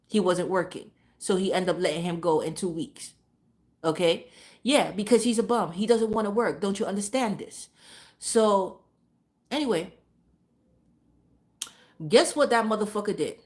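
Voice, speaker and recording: Blunt, profane New woman ranting. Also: mid-range voice. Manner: blunt, profane, animated storytelling. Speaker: vlogger. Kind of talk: casual storytelling rant.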